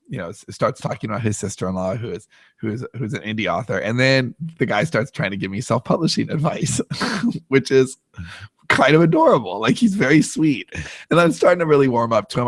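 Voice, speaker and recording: A man's voice: medium pitch, expressive, brisk, no room sound. Man telling a story with laughs. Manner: self-deprecating, laughs often, many restarts. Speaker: podcast host. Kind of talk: casual storytelling.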